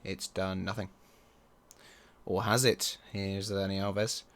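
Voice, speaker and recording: A man commenting on his own football management game, excitable and quick to groan or yell at the match. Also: low voice. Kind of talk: let's play commentary.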